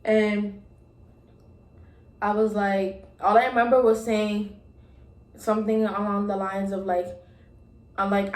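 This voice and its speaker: A woman's voice: medium pitch, fairly even intonation, normal speed, pauses often. A young woman vlogger telling a personal story in a casual, rambling way, full of ums and likes as she retells old conversations. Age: young adult. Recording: roomy echo.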